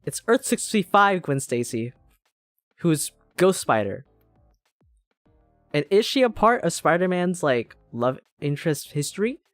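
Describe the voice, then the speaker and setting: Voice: medium pitch, very animated, measured pace, pauses often, no room sound, soft background music. A streamer in casual game-stream chat, rambling, swearing and cutting themselves off mid-thought. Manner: rambling, profane, self-interrupting.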